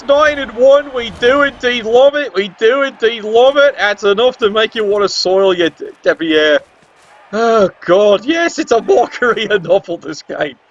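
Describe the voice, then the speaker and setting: A man commentating a game, sarcastic and excitable, swearing often. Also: sits high, lo-fi sound. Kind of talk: tabletop video game commentary.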